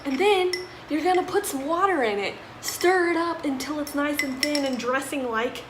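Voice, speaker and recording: Young woman, high voice, self-deprecating cooking vlog, roomy echo, pans clanking. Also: lively intonation, moderate pace, noisy background. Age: young adult. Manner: self-deprecating, exasperated, chatty. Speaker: college student vlogger. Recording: echoey room with clattering dishes.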